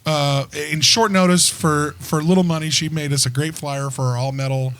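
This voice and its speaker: A man hosting a podcast in casual chat, joking and cutting in with quick questions. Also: a little high, fairly even intonation, fairly bright tone. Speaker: podcast host.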